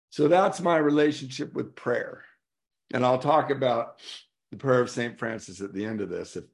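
A middle-aged man from California shares his recovery story at a convention with a gravelly edge. His pitch sits in an ordinary middle range. He tells it candidly, slipping into the voices of the people in his stories. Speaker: recovery speaker. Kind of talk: personal testimony talk. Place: convention hall.

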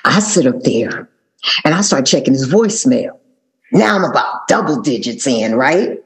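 A woman's voice: rumbling low, moderate pace. Sassy woman telling her story. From Atlanta, Georgia. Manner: animated storytelling with sassy asides and acted quotes. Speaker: recovery meeting speaker. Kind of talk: personal testimony talk.

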